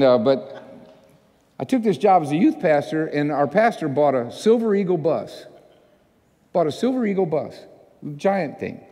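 A man pastor telling a story in a sermon, animated and self-mocking, acting out the people in it. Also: fairly high pitch. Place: church sanctuary. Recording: long church hall reverb.

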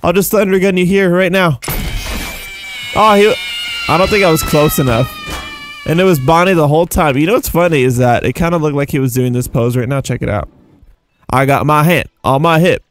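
A young man giving casual, rambling gameplay commentary as a YouTuber, excitable and jumping between high and low. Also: brisk, slight background noise. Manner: excitable, rambling, jumpy pitch swings. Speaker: gaming YouTuber.

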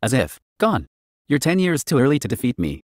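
A man's voice: medium pitch, wildly swooping pitch, fairly quick, no echo, studio quality. A man reading the lines of a cheeky, boastful girl in a story. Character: cheeky tomboyish girl, the hero's sister.

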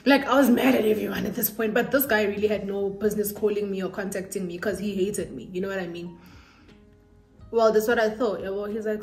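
A young woman vlogger telling a personal story while doing makeup, chatty and animated with lots of fillers. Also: medium pitch, fairly quick. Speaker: beauty vlogger. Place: room lit by softbox lights. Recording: echoey room, faint music.

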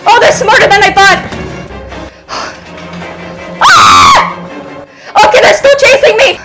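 A woman's voice: very high-pitched, huge pitch swings, takes it slowly. A young woman gamer commenting on a horror game, screaming at scares and jokingly taunting the monsters. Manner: screams and shrieks, jokey taunting of enemies. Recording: voice over loud game music.

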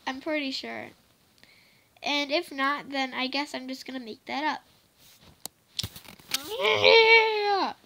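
A woman's voice: sits high, slow pace, gravelly, pauses often, noisy background. A female vlogger chatting casually to the camera, giggly and apologetic, rambling with lots of fillers. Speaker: vlogger teaching softball cheers.

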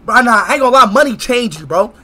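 A young man streaming, teasing loudly and repeating himself, often breaking into shouts. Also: very high voice, lively intonation, fast talker. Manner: loud, teasing, repetitive, shouting. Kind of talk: loud casual game-stream banter.

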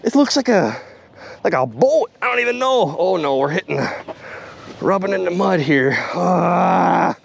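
A man vlogging outdoors on a kayak, talking excitedly to viewers while hauling in a heavy catch. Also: high-pitched, a little slow, gravelly, slight background noise. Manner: upbeat, talks to viewers while straining to haul a load. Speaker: magnet fishing vlogger. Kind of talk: excited outdoor vlog narration. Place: outdoors on a kayak and shore by water. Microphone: action camera.

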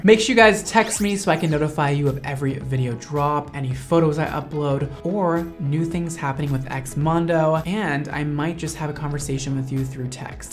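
A young man, a hairstylist, telling a storytime with dramatic, sassy asides. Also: fairly high pitch. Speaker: hairstylist and channel host. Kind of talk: animated storytime narration.

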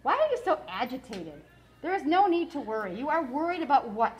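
A woman's voice: sits high, sing-song, a little fast. A woman reading aloud as an eccentric elderly widow with a formal, wordy, musing way of speaking.

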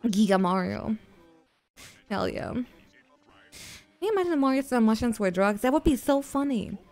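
A young woman streaming a VR game from home, with a slightly high voice. She rambles in a jokey, giggly way, swears freely and bursts into panicked yelps. Faint game music plays under her headset mic. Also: expressive, moderate pace, a little mellow. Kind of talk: casual livestream gaming chatter. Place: at home, playing in VR.

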